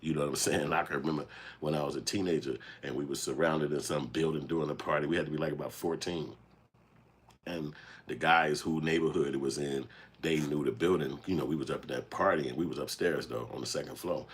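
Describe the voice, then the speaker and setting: A filmmaker and channel host with a very deep, husky voice delivers a casual monologue of commentary at a brisk pace. He tells stories in a rambling, animated way, full of street slang and profanity.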